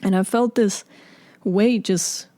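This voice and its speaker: A woman's voice: medium pitch, fairly even intonation, takes it slowly, mellow, dry recording. A woman telling a personal story in casual podcast talk. She rambles with lots of filler words and curses freely. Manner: profane, rambling, full of fillers. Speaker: podcast guest.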